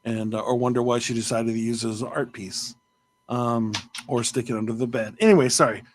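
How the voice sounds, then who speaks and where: A man's voice: medium pitch, fairly even intonation, brisk, a little hiss or hum. A man hosting a podcast, chatting casually with playful, self-mocking jokes and rambling asides. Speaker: podcast host. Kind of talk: casual interview chat.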